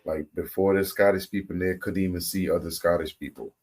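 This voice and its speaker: American man, fairly low voice, casual chat, laughs a lot. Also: brisk. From United States. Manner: laughing, animated storytelling. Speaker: co-host.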